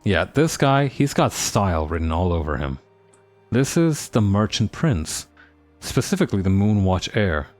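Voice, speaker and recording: A man streams a game live, reading its text aloud and tossing in playful comments. His voice sits low but moves a lot in pitch. Faint music plays underneath. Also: very animated, a little slow, darkish tone.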